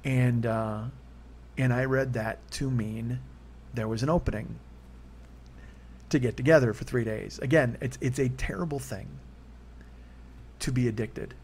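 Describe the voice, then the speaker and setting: A man's voice: mid-range voice, a little slow, pauses often, darkish tone, a little hiss or hum. A man in his forties telling a personal story on his own, rambling and candid, his voice jumping up when he gets worked up. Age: 40s. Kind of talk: confessional solo monologue.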